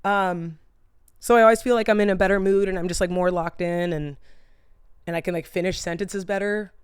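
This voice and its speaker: A young woman talks to the camera in a loose, wandering way, full of fillers and casual swearing. Her voice is exceptionally smooth and clean. The sound is dry and close, with no room around it. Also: on the low side, steady tone, fairly quick, dry recording. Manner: chatty, tangent-prone, loses her train of thought. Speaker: vlogger. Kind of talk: casual rambling chat to camera.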